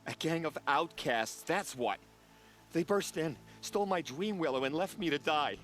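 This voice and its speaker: Fretful herb gatherer, video game character, complaining rants, higher-pitched, faint background music. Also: male voice, moderate pace. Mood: indignant. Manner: excitable, complaining, breathless rants.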